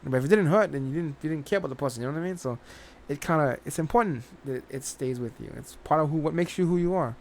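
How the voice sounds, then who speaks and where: A man's voice: a little high, fast, few pauses. Rambling man reviewing a show. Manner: rambling, restarts sentences, casual swearing. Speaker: reaction channel host. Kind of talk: casual spoken review.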